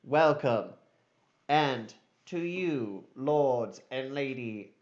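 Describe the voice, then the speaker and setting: A man voicing a formal royal court herald who announces in a pompous, drawn-out way. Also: medium pitch, darkish tone, dull audio.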